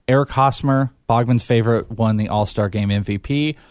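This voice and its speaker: A man's voice: medium pitch, normal speed, no echo, studio quality. A man hosting a casual sports chat, rambling and hesitant with lots of fillers. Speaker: podcast host.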